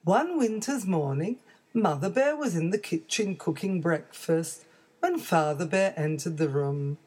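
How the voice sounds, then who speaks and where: Slow, expressive woman storyteller. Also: fairly low pitch, breathy edge. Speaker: narrator. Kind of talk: slow storybook read-aloud for learners.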